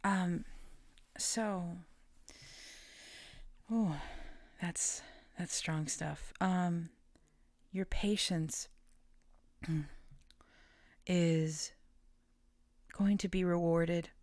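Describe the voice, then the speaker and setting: A woman reads tarot cards for her viewers in a slow, unhurried way, her lowish voice carrying a gravelly fry. She talks gently and haltingly, full of fillers, and sometimes sinks into a soft whisper. The sound is close and dry. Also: fairly even intonation, dry recording. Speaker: tarot reader. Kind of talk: casual collective tarot reading.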